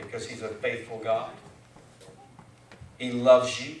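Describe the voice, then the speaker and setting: A man's voice: medium pitch, level tone, slow, slight background noise. A man preaching a sermon as pastor, talking in a conversational, folksy way with rising emphatic questions, heard from a distant microphone. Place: church sanctuary. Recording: echoey church from far off.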